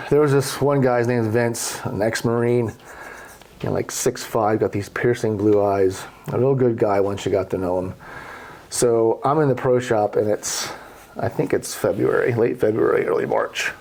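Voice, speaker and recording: A middle-aged man telling golf stories casually on a podcast, animated and blunt with frequent swearing. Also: fairly low pitch. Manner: profane, animated storyteller. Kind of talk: casual storytelling.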